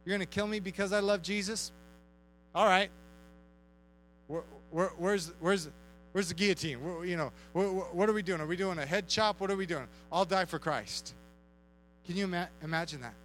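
A man preaching an energetic youth sermon, acting out quotes and shouting at times. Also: high voice, fairly quick, soft background music, low-quality recording. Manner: animated, acts out quotes, shouts and laughs. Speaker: youth pastor.

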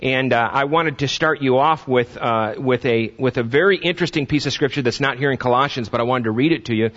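A man's voice: mid-range voice, fairly bright tone. Guy preaching a sermon, lots of uhs, earnest, kinda muffled lo-fi recording. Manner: earnest, halting with many fillers, rising to emphatic questions. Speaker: pastor.

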